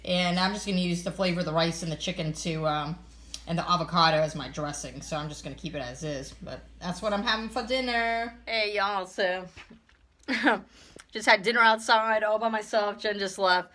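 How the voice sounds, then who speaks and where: Talking at a moderate pace in a lowish, fairly bright voice with fairly even intonation, a family vlogger casually walks through the meals she prepared. The chat is relaxed and filler-heavy, filmed at home and partly outdoors.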